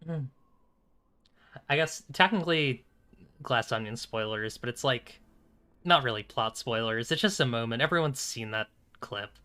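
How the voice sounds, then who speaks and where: A man's voice: medium pitch, moderate pace, pauses often, pushed and bright, clear, resonant tone. A young man streaming a video game, chatting casually, joking, laughing often and swearing. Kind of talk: live gaming commentary.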